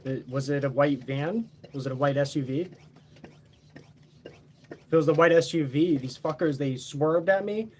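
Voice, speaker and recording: A man's voice: a little high, moderate pace, pauses often, slight background noise. A man telling a story in a casual, boastful, heavily profane, rambling way.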